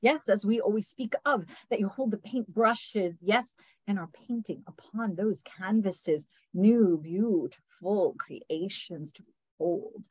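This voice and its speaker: A woman channeling a gentle, formal collective of light beings over a video call, with lilting phrasing and a repeated "yes". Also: medium pitch, unhurried, slightly rough, dry recording, rough recording. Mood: tender. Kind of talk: spiritual channeling.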